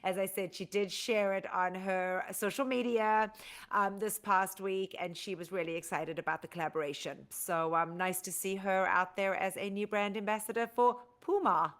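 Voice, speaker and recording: A woman's voice: mid-range voice, steady tone, normal speed, fairly bright tone. A woman co-hosting a casual news podcast, chatty and upbeat with frequent ums. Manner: chatty, upbeat, filler-heavy. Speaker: podcast co-host.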